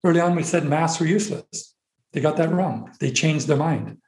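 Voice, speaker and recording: A man's voice: on the high side, moderate pace, a little mellow. Methodical man in a roomy echo. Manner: methodical, lays out points step by step. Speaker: podcast guest. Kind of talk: explanatory conversation.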